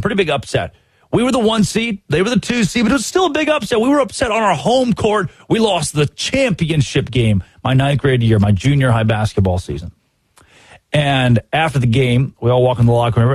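A man delivers fired-up sports commentary with a husky, slightly high voice that leaps up and down as he gets exasperated. He talks straight into a close microphone in a dry, dead room. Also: no echo. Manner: animated, exasperated, acts out quotes. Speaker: sports talk host.

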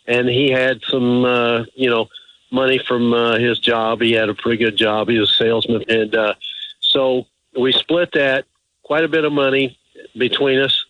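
A man's voice: mid-range voice, flat delivery, normal speed, fairly bright tone, no room sound, rough recording. A man calling a radio advice show, telling a long, hesitant, rambling story full of restarts and fillers. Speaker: caller. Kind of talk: phone-in call.

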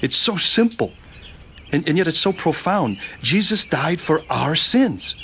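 A man narrating his own testimony with earnest, gentle sincerity and acting out the scenes. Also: fairly high pitch, sing-song, measured pace, a little hiss or hum.

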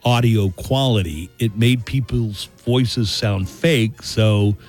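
A man's voice: on the low side, takes it slowly, a little mellow, soft background music. A man hosting a morning radio show in casual, joking banter.

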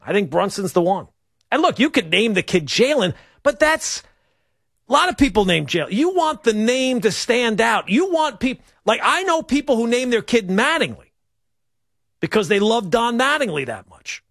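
A man's voice: very high voice, sing-song, moderate pace, creaky, fairly bright tone, no echo, studio quality. A man hosting a sports talk radio show. He rambles and riffs with wry humor in a casual monologue.

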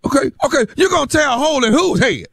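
A man making a radio prank call, deadpan and needling. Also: very high voice, very fast, gravelly.

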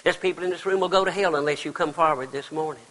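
An older man preaching a sermon as pastor, swinging between loud cries and hushed, quiet passages. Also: on the high side, fast talker. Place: church sanctuary. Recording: long reverb of a large hall.

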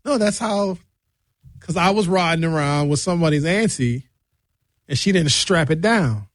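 Middle-aged male radio host, comic storyteller, slightly high voice, dry studio sound. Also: lively intonation, moderate pace, dry recording. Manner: loose, bawdy, storytelling with acted-out voices. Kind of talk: comedic monologue.

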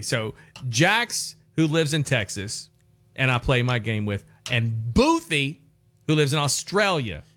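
A man on a radio morning show who trades loose banter. His voice bounces up and down with a lively, animated pitch, and he laughs his way through stories. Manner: laughs often, tells stories. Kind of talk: casual on-air banter.

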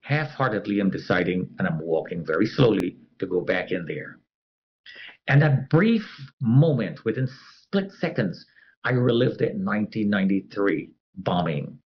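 A man's voice: fairly low pitch, big pitch swings, moderate pace, lo-fi sound. A man telling a personal story as an interviewee. He talks animatedly and acts out the other people's voices.

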